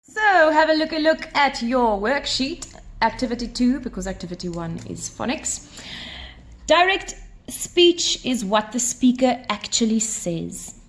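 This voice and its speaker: A woman teacher explaining a grammar lesson step by step, animated and repeating key points. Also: on the high side, unhurried. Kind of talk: recorded grammar lesson at a whiteboard. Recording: echoey room with faint ambience.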